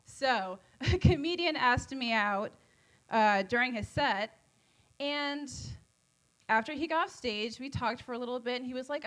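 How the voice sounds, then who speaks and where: A woman doing a stand-up set at an open mic on a comedy club stage, rambling and giggly, high on edibles, with self-deprecating jokes. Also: measured pace, fairly bright tone.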